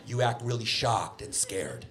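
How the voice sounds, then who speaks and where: A man's voice: fairly low pitch, expressive, unhurried, a crowd in the background. A man doing a stand-up comedy set, giving mock advice and acting out over-the-top pleading. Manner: acts out exaggerated pleading. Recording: live club with audience laughter.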